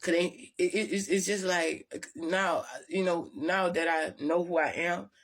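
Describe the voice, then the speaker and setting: A woman's voice: lowish voice, fairly even intonation, measured pace. A woman vlogger telling her story to viewers in a blunt, profane, rambling way with many restarts. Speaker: spiritual vlogger.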